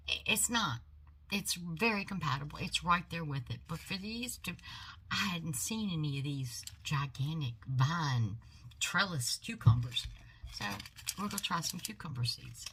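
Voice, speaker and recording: An older woman shows off her buys in a chatty, folksy manner, her voice low-pitched yet bright and forceful. She talks from a home office into a phone. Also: slightly rough. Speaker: haul vlogger. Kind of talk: casual product haul chat.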